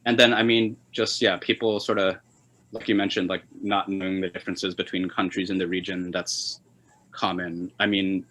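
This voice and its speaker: Young man, from China, interview guest, casual chat, lots of fillers, low-ish voice, bright tone. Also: moderate pace, rough recording. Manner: relaxed, hesitant, many fillers, laughs while telling stories. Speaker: interview guest, polyglot journalist.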